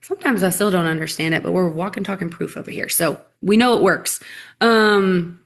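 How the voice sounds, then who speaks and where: A woman's voice: fairly low pitch, brisk. A woman sharing her customer story on a live call, enthusiastic and rambling, with lots of "like"s. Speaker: guest customer sharing a testimonial. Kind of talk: casual live-call chat.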